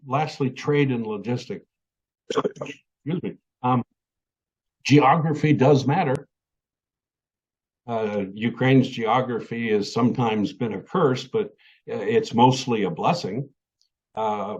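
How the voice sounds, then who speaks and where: A middle-aged man giving a webinar talk to students, halting, with many fillers and restarts. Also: on the low side, a little mellow, muffled recording. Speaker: webinar speaker.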